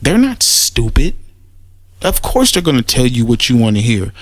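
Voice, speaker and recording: Big pitch swings mark this man's medium-pitched voice as he rants casually in a response video, blunt and profane. He trips over restarts and repeats words once he gets worked up; the recording has no room sound.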